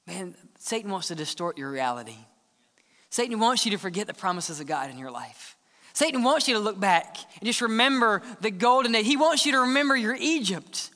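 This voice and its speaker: A man preaching a sermon as the church's pastor, earnest, sometimes dropping to a hushed tone to press a point. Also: sits high, big pitch swings, fairly quick. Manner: earnest preaching, drops to hushed tones for emphasis. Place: church sanctuary. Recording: long church hall reverb.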